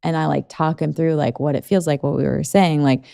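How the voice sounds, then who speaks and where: A woman's voice: low-pitched, fairly even intonation, fairly quick, creaky, dark tone. A woman in her thirties hosting a podcast, talking in a rambling way full of "like". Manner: rambling, lots of "like". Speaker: podcast host. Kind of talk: conversational podcast interview.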